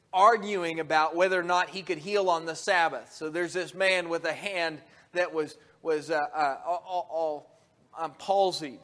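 A man preaching a sermon, animated, his voice rising loud when he acts out quotes and dropping soft and low on solemn points, with halting restarts.

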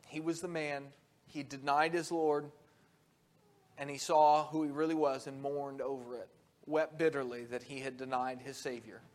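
During an animated sermon, a man's voice climbs loud as he acts out quotes and falls soft and low on solemn moments, with halting restarts throughout.

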